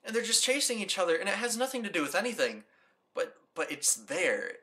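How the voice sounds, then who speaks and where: Bright, lively young man reviewing movies. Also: sits high, brisk. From United States. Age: young adult. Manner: enthusiastic and rambling, with many repeated "like"s and restarts. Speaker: host of a movie review channel.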